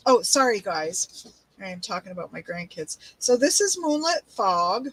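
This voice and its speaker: There's a noisy background as an older woman runs a craft livestream, her medium-pitched voice lively in intonation and moderate in pace. She chats casually and wanders off topic while unpacking supplies, showing them and greeting viewers by name.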